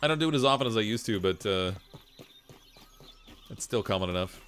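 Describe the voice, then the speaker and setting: A man's voice: fairly low pitch, expressive, fairly quick, fairly bright tone. A man with a Canadian accent, chatting casually while gaming, reading chat comments aloud and laughing often. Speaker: gameplay streamer reading chat.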